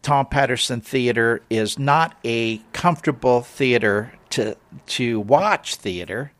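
A man talks through his view of a stage production at an unhurried pace. He hesitates, repeats words and restarts his sentences as he weighs his opinions like a critic. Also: medium pitch, a bit bright. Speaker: theater critic. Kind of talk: casual review chat.

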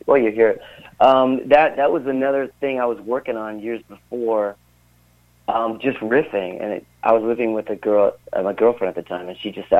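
A man's voice: fairly low pitch, fairly even intonation, normal speed. A man, a musician guest, chatting casually and rambling through a story with many fillers, heard over a phone line. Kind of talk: casual interview chat.

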